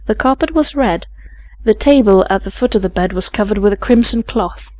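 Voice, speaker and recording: A woman's voice: medium pitch, mellow. Woman narrating a classic novel. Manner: measured, composed reading. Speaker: audiobook narrator. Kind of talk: scripted narration.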